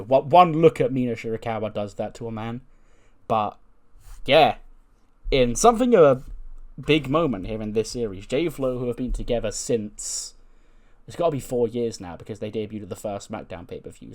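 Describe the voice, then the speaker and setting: Chatty man narrating a wrestling game. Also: lowish voice. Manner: chatty, wry, filler-heavy. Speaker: let's play host. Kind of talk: casual game commentary.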